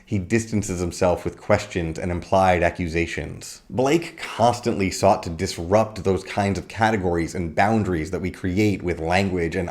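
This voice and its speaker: A man giving a scripted video lecture on poetry, measured and explanatory, reading verse lines slowly. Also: low-pitched, a little mellow. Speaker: literature lecturer.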